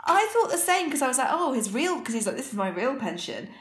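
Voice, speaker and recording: A woman's voice: high-pitched, sing-song, quick pace, reverberant, heavy background noise. A woman co-hosting a casual chat, recapping a TV episode from her notes with plenty of filler words. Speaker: podcast co-host.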